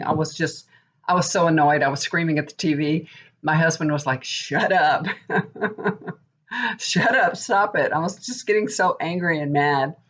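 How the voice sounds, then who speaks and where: A woman's voice: lowish voice, a bit bright. A woman in her fifties, a tarot reader and psychic, rambling in casual chat to camera and getting worked up as she talks. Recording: dull lo-fi recording.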